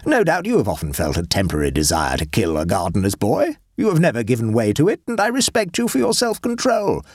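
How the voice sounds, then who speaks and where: A man voicing Sir Lulworth, an urbane, wry elderly English gentleman who speaks in dry, unhurried epigrams. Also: medium pitch, wildly swooping pitch, breathy edge, dry recording, voice pushed up, full character voice.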